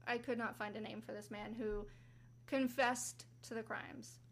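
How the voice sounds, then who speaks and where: Brief: female podcast host, slightly high voice, casual true-crime narrator, chatty. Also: flat delivery, unhurried. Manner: chatty, acts out quotes with rising pitch.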